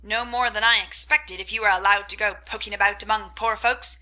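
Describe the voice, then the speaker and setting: A woman voicing a gruff, sharp-tongued older aunt. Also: mid-range voice, fairly even intonation, fairly quick, rough recording.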